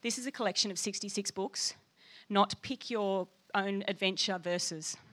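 Animated woman preaching a bright sermon. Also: medium pitch, moderate pace. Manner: animated, passionate, asks the congregation questions; teacherly, acts out little voices for quoted people. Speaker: pastor.

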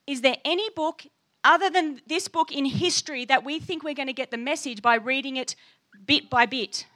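A woman pastor preaching a passionate, animated sermon, often putting questions to the congregation and acting out quoted voices. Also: high voice, normal speed. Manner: teacherly, acts out little voices for quoted people.

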